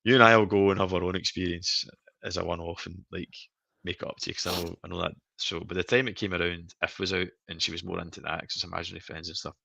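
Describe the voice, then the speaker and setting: A man's voice: low voice, level tone, fast, creaky, bright, forceful tone, no echo. A Scottish man in his thirties hosting a casual live stream chat, telling stories animatedly and laughing often. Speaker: stream host.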